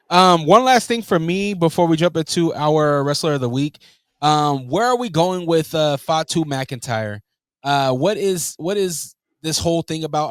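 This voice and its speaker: A man's voice: on the high side, no room sound. A man co-hosting a podcast, easygoing and agreeable in casual chat. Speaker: podcast co-host.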